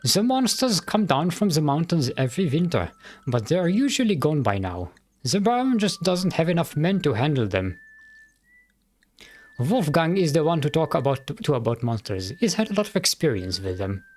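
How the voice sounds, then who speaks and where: A man's voice: fairly high pitch, very animated, moderate pace, a little mellow, pitched above the performer's own voice. A man voicing a weary, philosophical male town sheriff, reading game dialogue aloud in a mock German accent with a friendly, musing manner. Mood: informative.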